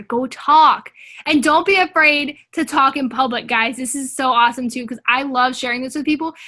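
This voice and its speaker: Upbeat, chatty young woman with a bright voice. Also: high voice. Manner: energetic, chatty, lots of "like", pushy motivational tone. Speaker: team leader on a sales video call. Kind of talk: casual pep talk. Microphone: video call.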